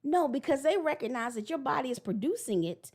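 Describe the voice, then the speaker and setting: A woman in her forties giving a blunt, animated parenting talk that slips into acted-out voices. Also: sits high, fairly quick. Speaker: parenting vlogger. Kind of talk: casual preachy monologue.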